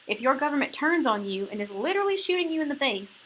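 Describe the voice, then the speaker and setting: A woman's voice: high-pitched, sing-song, fast talker, a bit bright, poor audio. A woman teaching a history lesson in a casual, slangy way, often checking in with "okay?". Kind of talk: recorded classroom lecture.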